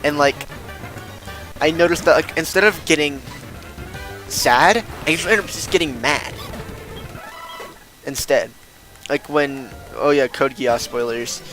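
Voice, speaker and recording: Bright-voiced young man rambling on stream. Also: a little high, measured pace, pauses often, soft background music, poor audio. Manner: rambling, self-deprecating, gets worked up and loud when ranting. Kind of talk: casual gameplay stream chatter.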